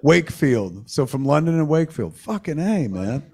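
An excitable man hosts a live podcast from a cinema stage, talking in a fairly high voice with a gravelly, creaky edge. He swears often and works the crowd with quick questions. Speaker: podcast host. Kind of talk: live podcast chat with an audience.

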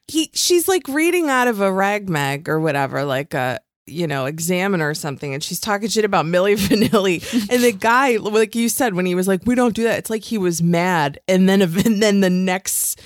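A woman's voice: mid-range voice, expressive, moderate pace, few pauses, dry recording, clean studio sound. A woman chatting casually as a podcast co-host, wry and teasing, laughing a lot. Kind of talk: casual chat.

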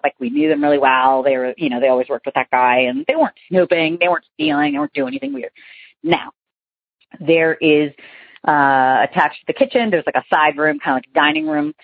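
A woman's voice: low-pitched, breathy edge, dry recording. A young adult woman calling in to tell a ghost story, chatty and rambling with many fillers, over a phone line. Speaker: caller telling a ghost story.

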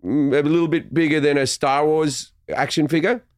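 A middle-aged man with an Australian accent, a comedian guesting on a podcast, telling animated stories and laughing often. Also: brisk, smooth, dry recording, clean studio sound. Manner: animated storytelling, laughing often, drops into mock-deep voices. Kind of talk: casual chat with anecdotes.

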